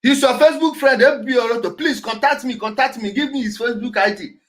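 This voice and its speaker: A man with a very high, fairly bright voice talks at a quick pace. As a show host reacting to clips, he's emphatic and animated, repeats key words, and laughs often.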